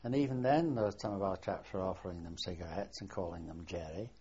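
An older man, a war veteran, reminiscing in an oral history interview, halting and often trailing off softly. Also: deep voice, breathy edge. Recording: dull lo-fi archival tape.

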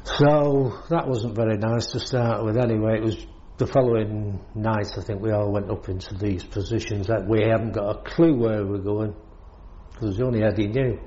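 A man's voice: on the low side, steady tone, normal speed, dark tone, muffled recording. An older British man, a war veteran, telling his service stories in a rambling way, chuckling often. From Britain. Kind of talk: oral history storytelling.

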